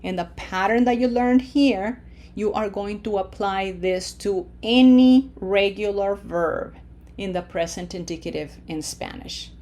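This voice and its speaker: A woman gives a recorded Spanish lesson at an unhurried, careful pace. She speaks in a medium pitch, patient and encouraging. She models each word slowly for her learners to repeat. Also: dark tone. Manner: slow, patient, drills with repetition. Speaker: Spanish teacher.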